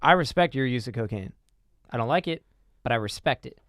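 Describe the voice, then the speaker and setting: A man's voice: medium pitch, expressive, fairly quick, fairly bright tone. A young man from Southern California, co-hosting a comedy podcast and playing an earnest, dim-witted, defensive character. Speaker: podcast co-host. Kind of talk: improvised comedy banter.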